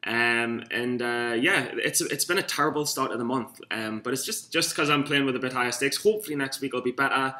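A man's voice: medium pitch, fairly quick, few pauses, bright, forceful tone. A young man from Newcastle with a Geordie accent, rambling and swearing through a casual vlog from his room. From Newcastle, England. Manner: rambling, swearing, self-mocking. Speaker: vlogger. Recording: echoey room.

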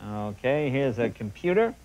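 A man hosting a talk show, running a comedic monologue of joke headlines with animated punchlines and asides to the audience. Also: medium pitch, moderate pace. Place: TV studio stage. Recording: TV studio with audience laughter and noise. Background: studio audience laughter.

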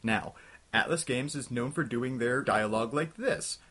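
A young man hosting a comedic game review, ranting in an exasperated, scattershot way and talking himself back to calm. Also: mid-range voice, normal speed, breathy edge. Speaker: host of a retro game review show.

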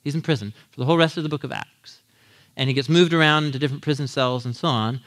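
A man in his thirties preaching a casual, animated sermon, acting out quotes in lively voices and laughing often. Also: medium pitch, fast talker. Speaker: pastor teaching a Bible series.

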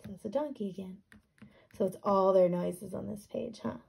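Husky woman teacher reading to children. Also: medium pitch, moderate pace. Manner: animated, questioning, sounds words out. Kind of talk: reading a picture book aloud to young students.

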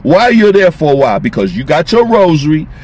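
A man's voice: on the high side, very animated, brisk, darkish tone, slight background noise. A man preaching on scripture as a street preacher, emphatic and repetitive in informal phrasing.

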